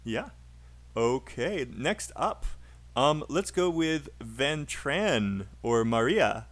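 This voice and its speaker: A man's voice: mid-range voice, animated, very slow. A man teaching a live online English speaking class, encouraging and laughing often.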